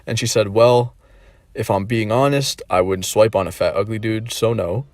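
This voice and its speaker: A man's voice: lowish voice, moderate pace, a little mellow, no echo. Rambling, incredulous man telling a story. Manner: rambling, incredulous, repeats himself. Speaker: online dating video creator. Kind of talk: casual vlog commentary.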